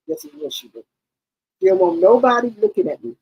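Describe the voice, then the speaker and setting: A middle-aged woman hosting a livestream, telling stories in a casual, animated, slangy chat and often repeating herself. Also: mid-range voice, normal speed, slightly rough, poor audio. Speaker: livestream host.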